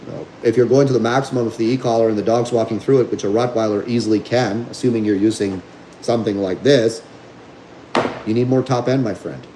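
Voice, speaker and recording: A man's voice: medium pitch, fairly even intonation, brisk, dark tone, a little hiss or hum, poor audio. A man hosting a livestream as a dog trainer, talking bluntly and combatively while reading viewer comments.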